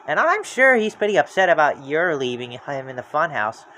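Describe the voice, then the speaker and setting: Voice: medium pitch, very animated, normal speed, pushed and bright, a little hiss or hum. A storybook reader voicing a poised young woman who talks in a plain, matter-of-fact way.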